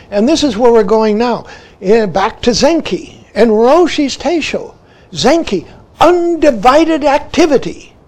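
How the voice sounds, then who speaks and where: An older man, a Zen teacher giving a dharma talk, who keeps saying "see" and slips into hushed tones as he tells a story. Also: sits high. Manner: says "see" again and again, slow and deliberate; drops to hushed whispers when retelling a story.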